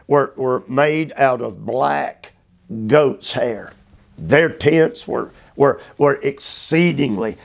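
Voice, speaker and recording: A male preacher giving a slow expository sermon, drawing out phrases emphatically and often repeating words. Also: mid-range voice, creaky. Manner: drawn-out, emphatic phrasing with repetitions. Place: motel room.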